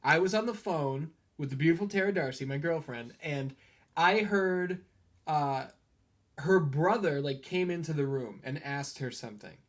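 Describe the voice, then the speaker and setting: Man, podcast co-host, casual movie review chat, animated storyteller, laughs a lot. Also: a little high, normal speed.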